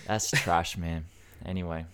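A man's voice: low voice, steady tone, unhurried, fairly bright tone, clear, resonant tone. A man in a casual podcast chat, blunt and offhand, swearing freely.

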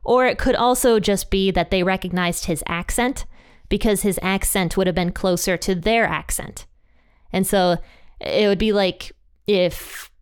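A woman's voice: fairly low pitch, smooth. A woman teaching a Bible passage in a casual, chatty way, retelling the story conversationally. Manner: chatty, conversational retelling with playful quoted voices.

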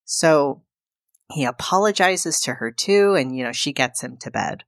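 A woman's voice: sits low, expressive, measured pace, dry recording, studio quality. A woman co-hosting a podcast, casually recapping a film and acting out the characters' lines. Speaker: podcast co-host.

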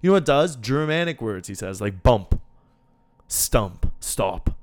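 A young man, a student, chatting as a podcast guest, eager to explain things and quick to mock himself. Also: medium pitch, expressive, dry recording. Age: young adult. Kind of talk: casual podcast chat.

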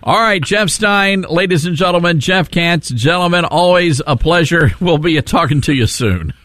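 Lively, jokey male radio host. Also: a little high, normal speed, no echo. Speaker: radio talk show host. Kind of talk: casual radio chat.

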